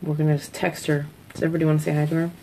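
A woman's voice: sits low, little pitch movement, racing, warm tone, a little hiss or hum, low-quality recording. A talkative woman hosting a live sales stream, telling stories in a casual, chatty way. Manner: talkative, storytelling, giggly asides.

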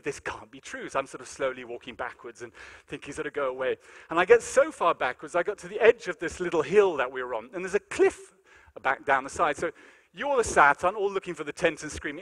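Fast, bright, high-pitched man telling a story. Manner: animated, comic storytelling with acted-out quotes. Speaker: lecturer. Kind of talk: storytelling lecture. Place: large lecture hall.

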